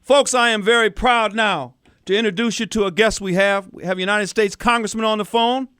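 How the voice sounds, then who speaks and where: A man's voice: sits high, fairly even intonation, brisk, pushed and bright, clear, resonant tone, no room sound, clean studio sound. A man hosting a talk radio show, ranting angrily and calling out to his listeners as folks. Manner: angry, fired-up ranting, addresses listeners as folks. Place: radio studio.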